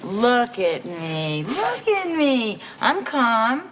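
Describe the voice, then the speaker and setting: Jittery, lecturing soap survivor. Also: female voice, fairly high pitch, extremely slow, full character voice. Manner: jittery, lecturing, swings from calm to panic. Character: fussy, nervous survivor insisting on calm. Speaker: fellow trapped survivor. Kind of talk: 1970s soap opera acting. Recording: hissy old TV soundtrack.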